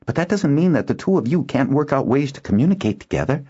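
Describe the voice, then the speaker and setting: A man voicing a spirited, quick-tempered young girl in an audiobook, in a high, lively voice. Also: breathy edge. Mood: eager. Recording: dull lo-fi recording.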